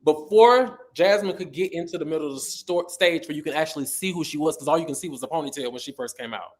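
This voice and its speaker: A middle-aged man tells a story with a sassy, animated flair. His voice sits a little high, and he acts out the people he quotes. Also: quick pace. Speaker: guest. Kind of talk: casual storytelling interview.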